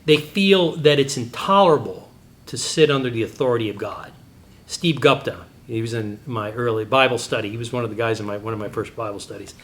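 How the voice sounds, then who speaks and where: A middle-aged man delivers a Christian apologetics teaching talk at a brisk clip. He tells lively, rambling personal stories, and his pitch leaps suddenly.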